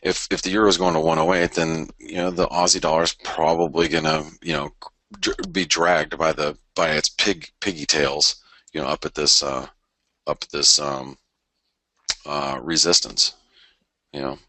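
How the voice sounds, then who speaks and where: Middle-aged man, very low voice, bright forceful tone, dry close sound, stammering casual market chat. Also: flat delivery, moderate pace, no echo. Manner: rambling, stammering restarts, thinking aloud. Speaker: forex trading show host. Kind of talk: casual live market commentary.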